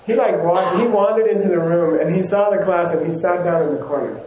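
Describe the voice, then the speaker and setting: A man's voice: sits high, a little fast, darkish tone, roomy sound, highs cut off. A man, a yoga teacher, giving a casual rambling talk to his class, often chuckling and correcting himself.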